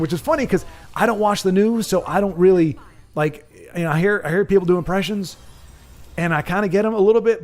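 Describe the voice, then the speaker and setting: A man's voice: fairly high pitch, darkish tone. A man hosting a livestream, chatting casually and jokingly with viewers, often correcting himself as he rambles. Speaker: livestream host.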